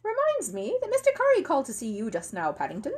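Storybook housekeeper: brisk, suspicious, high and crisp, read by a woman. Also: huge pitch swings. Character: brisk sharp-eyed older housekeeper woman.

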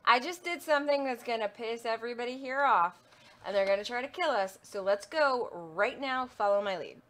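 Woman player in a tabletop game, kinda high voice, hesitant. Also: quick pace, a bit bright.

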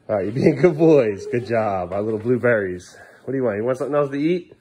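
A man's voice: medium pitch, lively intonation, fast, mellow, low-quality recording. A man filming a casual family vlog at home, coaxing his young sons and then scolding them in exasperation. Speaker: father and family vlogger.

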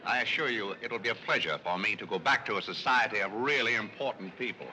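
Godfrey, an actor as a wry urbane vagrant. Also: male voice, on the low side, fast, close to an everyday voice. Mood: cutting. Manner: wry, understated, suave. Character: dry, urbane forgotten man, middle-aged. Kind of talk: 1930s film acting. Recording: noisy 1930s film soundtrack.

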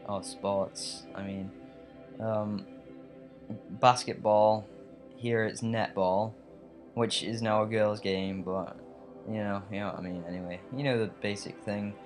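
Low-voiced English let's play host, slightly American-tinged, rambling gameplay voiceover over faint music. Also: male voice, flat delivery, measured pace, long pauses. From England. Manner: rambling and chatty, with many fillers and tangents.

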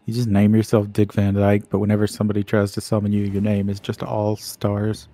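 A man's voice: lowish voice, completely flat delivery, a little fast, warm tone. A man teasing and joking playfully while playing a co-op game on stream. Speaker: co-op gamer on stream. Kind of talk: casual gaming banter.

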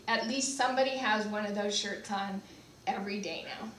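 A woman's voice: mid-range voice, moderate pace, a bit bright. A woman who manages staff at a senior care community tells heartfelt stories in a eulogy at a memorial service. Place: church sanctuary. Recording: echoey church from far off, faint hiss.

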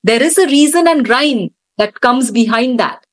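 A woman instructor retelling a scripture story in an animated storytelling manner during a lesson. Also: on the high side, normal speed, no echo, low-quality recording.

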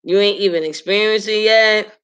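A woman in her late forties hosting a live stream, chatting casually to her viewers with animated emphasis and frequent laughs. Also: medium pitch, moderate pace, smooth. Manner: animated, emphatic, talks straight to the audience; laughs often while telling stories.

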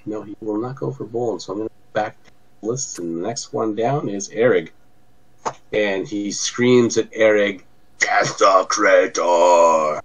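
A man's voice: lowish voice, normal speed, darkish tone, breathy edge, rough recording. A man acting as game master of a tabletop game, narrating in an easygoing way and thinking aloud as he goes.

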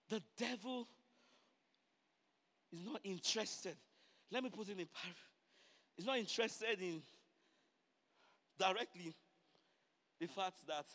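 Man preaching, high bright voice, repeats lines and shouts, long reverb. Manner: builds from low talk to shouted climaxes, repeats phrases. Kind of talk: sermon.

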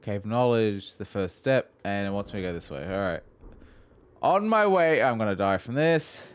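A young man giving profane, excitable let's play commentary, laughing and mocking as he plays. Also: lowish voice, moderate pace, clean tone. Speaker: gaming video host.

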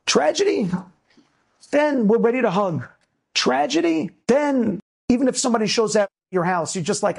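A man from the United States, a rabbi, giving an inspirational talk that moves between lively storytelling and emphatic preaching. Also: moderate pace, creaky, slightly rough. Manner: animated storyteller, swings between low asides and emphatic preaching.

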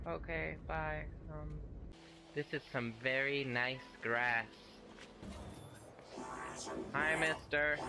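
A man's voice: fairly high pitch, noisy background. A man giving casual, playful commentary while playing a game and chatting to the creatures on screen. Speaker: gaming video host.

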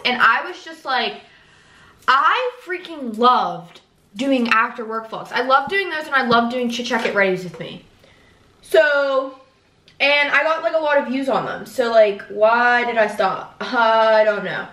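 A woman's voice: fairly high pitch, pushed and bright, roomy sound, far from the mic. Rambling, swearing young woman vlogger. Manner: rambling, swears casually, fillers and self-talk. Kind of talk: casual chat vlog.

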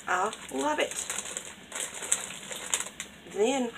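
A woman talks slowly in a low, gravelly voice, gushing over each craft item she unwraps. Crinkling packaging and clicks sound clearly behind her. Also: expressive, background noise. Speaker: craft vlogger opening mail. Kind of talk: casual unboxing chat.

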